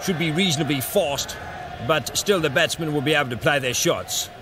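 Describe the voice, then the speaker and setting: A man doing a comedy impression of an emphatic male cricket pitch reporter, speaking loudly outdoors. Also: moderate pace, close to an everyday voice. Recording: loud crowd and noise outdoors.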